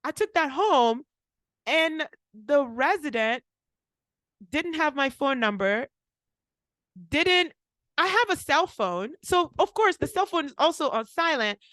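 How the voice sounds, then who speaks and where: A woman's voice: sits high, slow, long pauses, no room sound. A young woman, a pharmacist co-hosting a podcast, telling a story casually, saying "like" a lot and acting out what people said. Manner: animated, acts out quotes, frequent "like".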